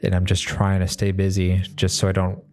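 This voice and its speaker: A man's voice: low-pitched, monotone, fairly quick, a little mellow, faint music behind. A man, a mechanic, talking in a loose, rambling monologue full of fillers and restarts, swearing now and then. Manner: laid-back, swears casually. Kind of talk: casual monologue.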